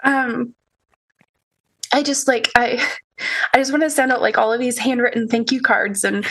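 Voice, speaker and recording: A young woman telling an emotional personal story as a podcast guest, halting with many restarts and soft laughs. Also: a little high, fairly even intonation.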